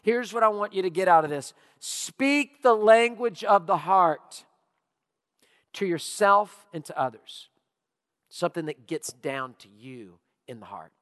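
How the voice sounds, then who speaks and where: A male pastor preaching a sermon, telling stories with animated, drawn-out emphasis. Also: a little high. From Louisiana. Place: church auditorium. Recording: long reverb of a church hall.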